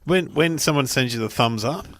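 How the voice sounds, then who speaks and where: A man's voice: mid-range voice, brisk, no echo. A middle-aged man with an Australian accent, co-hosting a casual podcast chat and acting out voices in his stories. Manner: animated, acts out voices in anecdotes. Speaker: podcast co-host.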